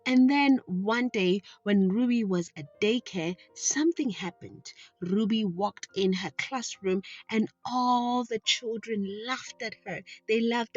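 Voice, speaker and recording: A woman's voice: on the high side, slow, few pauses, dry recording, muffled recording, soft background music. A woman telling a story to young children in an affectionate way, often checking that they are listening.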